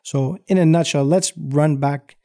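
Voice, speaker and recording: A man's voice: a little high, steady tone, a little slow, mellow, no echo, clean studio sound. A man hosting an interview, asking rambling, encouraging questions with plenty of "um"s. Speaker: interviewer host. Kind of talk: casual interview.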